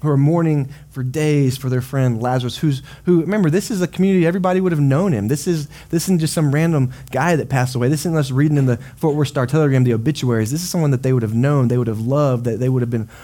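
A man preaching a sermon as pastor, telling the story in a conversational, animated way and voicing dramatic quotes. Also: medium pitch, fast talker, hardly any pauses. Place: church service.

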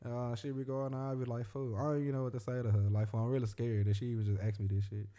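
Mellow-voiced man, rambling slangy chat. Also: medium pitch, level tone, quick pace. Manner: slangy, rambling, storytelling with repeated phrases. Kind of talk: casual chat.

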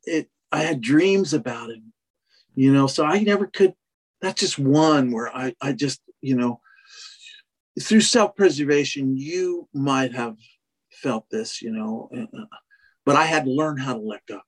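Husky horse trainer telling a story. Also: male voice, medium pitch, a little slow. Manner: rambling, with many restarts and "you know". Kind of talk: casual storytelling in conversation.

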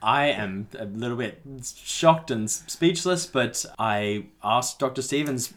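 A man's voice: mid-range voice, lively intonation, unhurried, few pauses, fairly bright tone. A man playing a tabletop game, playfully describing his character's actions. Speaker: player. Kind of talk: casual game chat.

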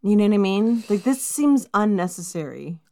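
A woman's voice: mid-range voice, expressive, moderate pace, warm tone, dry recording. A woman co-hosting a casual true-crime podcast, blunt and exasperated, who says like and you know a lot. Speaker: podcast co-host.

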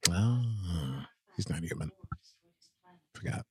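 A man's voice: low voice, animated, slow, warm tone, breathy edge, no echo. A man co-hosting a casual movie watchalong, joking and thinking aloud as he reacts to the screen. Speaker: co-host.

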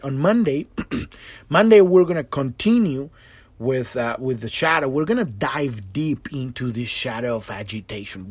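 A man hosting a podcast in a casual spiritual monologue, animated and profane, acting out quotes and laughing often. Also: mid-range voice, dry recording. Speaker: podcast host.

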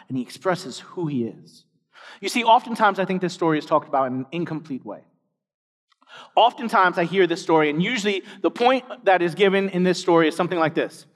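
A man preaching a sermon, swinging between loud emphatic lines and hushed, low asides. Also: in a large hall.

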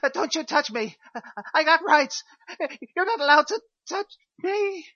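A woman's voice: sits high, lively intonation, moderate pace, a bit bright, no room sound, pitched above the performer's own voice. A woman voicing a frightened, panicky male prison inmate who stammers and protests, recorded on a dull lo-fi home mic.

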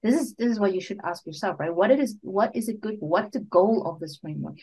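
A woman's voice: medium pitch, lively intonation, quick pace, warm tone, husky, rough recording. A woman guest on a podcast interview, a product management coach, explaining ideas step by step with fillers, restarts and frequent laughter, sometimes searching for English words. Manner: laughs often while talking.

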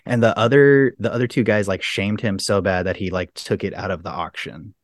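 A man's voice: on the low side, fairly even intonation, fairly quick, dry recording. A man hosting a podcast, reading quiz questions in a casual, joking manner. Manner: reads questions, then laughs and jokes. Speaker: podcast host, quizmaster.

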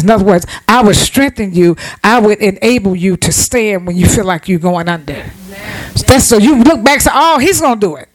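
A woman's voice: mid-range voice, animated, a little fast, rough recording. A woman preacher delivering a sermon in informal vernacular speech, with frequent restarts and repeated calls of "Amen" to the congregation.

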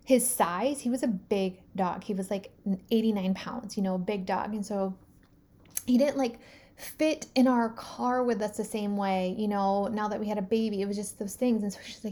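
A woman in her thirties retelling a personal story in a lively, animated way, full of fillers and acted-out quotes. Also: medium pitch, moderate pace. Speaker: podcast host.

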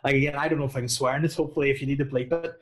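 Guy in his 30s, comedian, rambling on about himself in a loose chat, lots of "like" and "you know", mid pitched voice. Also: fairly even intonation, rapid-fire. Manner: rambling, self-deprecating storytelling with many fillers. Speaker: comedian and podcast guest. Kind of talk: casual chat.

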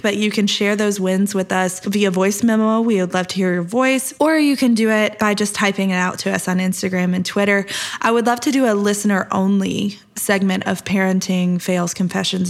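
Woman podcast host, 30s, upbeat and chatty, laughs easily, mid-pitched voice. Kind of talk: casual podcast monologue.

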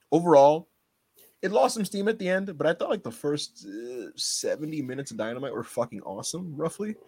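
Animated, laughing podcast co-host man. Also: a little high. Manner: animated, joking, laughs often. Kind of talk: casual wrestling podcast chat.

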